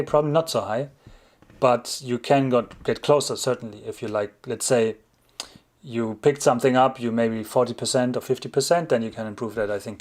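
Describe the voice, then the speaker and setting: A man with a German accent, a non-native English speaker, hosting a relaxed livestream and answering viewers' questions, chuckling often and rephrasing as he goes. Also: mid-range voice. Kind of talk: casual livestream chat.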